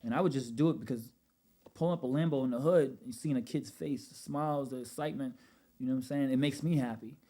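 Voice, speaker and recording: Animated Brooklyn man telling stories. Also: medium pitch, quick pace. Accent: New York. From Brooklyn, New York. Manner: animated storyteller, street slang, frequent "you know what I'm saying". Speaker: podcast guest, rental business owner. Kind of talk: casual podcast conversation.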